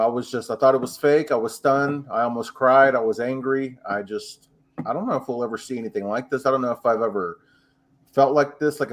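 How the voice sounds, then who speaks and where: Laid-back man hosting a sports podcast. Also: medium pitch. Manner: relaxed, storytelling with pauses and fillers. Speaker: podcast host. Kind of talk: casual sports chat.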